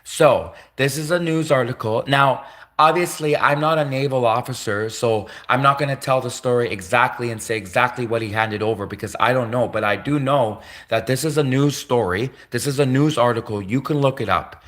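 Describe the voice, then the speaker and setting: A man hosts a livestream in a heated rant. He circles back to the same points again and again, stressing them hard. His voice sits at an ordinary middle pitch for a man. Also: normal speed, fairly bright tone. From Canada. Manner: heated, repetitive, emphatic ranting. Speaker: livestream host. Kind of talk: ranting livestream commentary.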